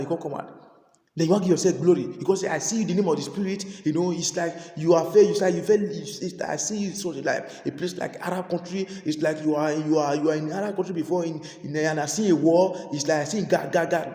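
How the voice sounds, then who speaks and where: Nigerian man preaching, rapid repetitive delivery, mellow fairly high voice, long hall reverb. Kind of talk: sermon in Pidgin.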